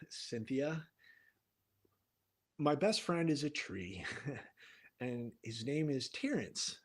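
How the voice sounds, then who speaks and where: A man voicing an earnest, lonely rural man in an improvised comedy scene, speaking slowly and softly. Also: medium pitch.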